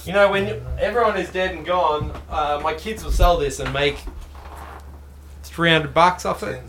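A man co-hosting a podcast, chatty and quick to tell a story. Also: fairly high pitch, a bit bright, a little hiss or hum. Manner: chatty storyteller, laughs easily. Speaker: podcast co-host. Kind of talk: casual podcast chat.

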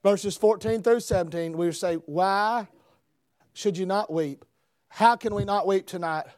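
Preacher, male, very high voice, dry close sound, shouts then hushes. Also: unhurried, no room sound. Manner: builds to shouting emphasis, swings between loud and hushed. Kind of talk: revival sermon.

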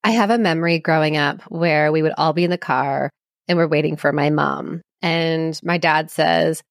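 A woman's voice: low voice, fairly even intonation, moderate pace, dry recording, clean studio sound. A woman psychologist guest on a podcast, explaining in an earnest, reassuring way with everyday examples. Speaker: psychologist and couples therapist guest. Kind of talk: conversational podcast interview.

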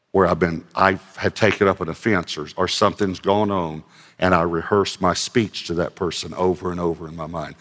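Low-voiced pastor preaching in a hall. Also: male voice, fairly bright tone. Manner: conversational, self-deprecating humor, reads scripture aloud. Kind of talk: sermon.

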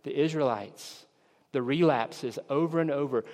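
A man preaching a sermon in an earnest, measured way, stressing key words and acting out the disciples' words in a raised, excited voice. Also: on the high side. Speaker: pastor. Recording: long hall reverb.

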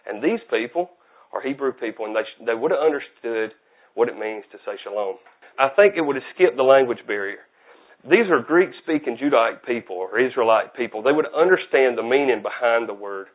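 A man preaching a casual, conversational sermon, folksy and self-deprecating. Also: mid-range voice. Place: church. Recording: tinny phone-like audio.

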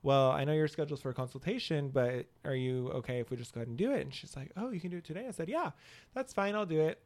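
A man co-hosting a casual podcast chat, telling a story with animated, acted-out quotes. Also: medium pitch, fast talker. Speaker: podcast co-host and hairstylist.

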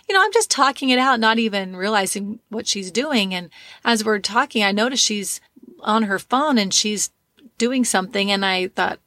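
A woman's voice: mid-range voice, expressive, moderate pace, a bit bright, dry recording. Dry, chatty woman in her fifties. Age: 50s. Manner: chatty, storytelling, emphatic and encouraging. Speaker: podcast host, life coach. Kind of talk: motivational podcast monologue.

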